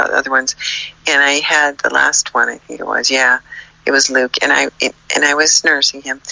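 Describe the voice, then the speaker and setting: A woman's voice: very deep voice, gravelly, sharp tone, no echo, low-quality recording. An older woman and grandmother chatting casually, telling frank stories with an indignant edge. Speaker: podcast co-host. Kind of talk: casual chat.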